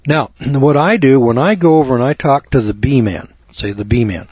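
Man, folksy lecturer, husky voice, dry dull lo-fi sound, emphatic with repeated words. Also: mid-range voice, moderate pace, hardly any pauses, darkish tone, no echo. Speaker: health lecturer. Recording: dull lo-fi recording.

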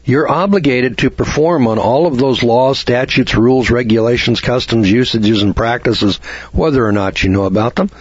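Man, middle-aged, radio lecture host, folksy, rhetorical questions, husky, dull lo-fi sound. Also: medium pitch, moderate pace, no room sound.

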